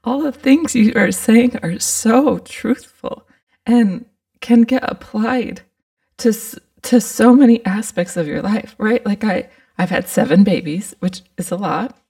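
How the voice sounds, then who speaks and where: A woman's voice: mid-range voice, a little slow, vocal fry, mellow, far from the mic. A middle-aged woman hosting a conversation, emotional and asking questions. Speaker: host. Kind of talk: casual conversation.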